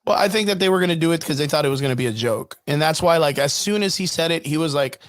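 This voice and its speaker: A man with a slightly raised pitch keeps an easygoing tone in casual podcast chat. He hedges his views with lots of fillers, recorded dry and close to the mic. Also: fast talker, no room sound. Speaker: podcast co-host.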